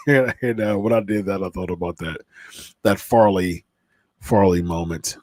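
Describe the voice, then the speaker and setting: A man's voice: sits low, measured pace, pauses often, no room sound. Man, podcast host, casual live chat, rambling with fillers, slightly stuffy, dry close sound. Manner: rambling, with many fillers and restarts.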